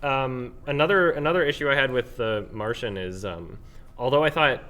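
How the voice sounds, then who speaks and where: A man guesting on a casual movie podcast, laying out his criticisms in a measured way. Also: mid-range voice, pushed and bright. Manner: measured, critical, lays out points. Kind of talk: casual film chat.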